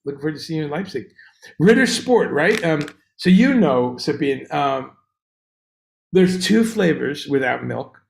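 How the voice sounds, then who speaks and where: A man hosting a casual livestream chat, rambling and animated as he greets viewers by name. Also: a little high, unhurried, gravelly. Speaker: livestream host. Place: room on tour abroad. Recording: echoey room.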